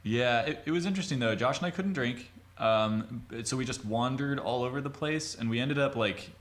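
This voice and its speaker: A young man in casual chat, telling a story in halting, self-correcting bits. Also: mid-range voice. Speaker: podcast co-host.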